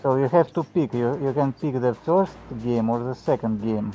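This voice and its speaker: A man's voice: medium pitch, moderate pace, dark tone, soft background music, poor audio. A man running a game as game master on a live stream, giving short, simple directions in slightly broken English. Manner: short, simple instructions with non-native grammar. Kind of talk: casual live-stream chat.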